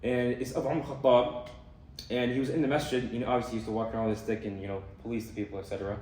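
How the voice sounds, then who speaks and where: Fast-talking young man in an echoey room. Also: medium pitch, flat delivery, a little mellow, distant mic. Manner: conversational, explaining with many fillers and Arabic terms. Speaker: student speaker on hadith. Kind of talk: casual religious talk.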